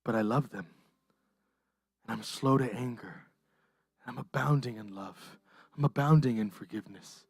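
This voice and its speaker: A preacher voicing God speaking gently about love and patience in a low, soft voice. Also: moderate pace, gravelly, long pauses, husky, no echo, clean studio sound. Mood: tender.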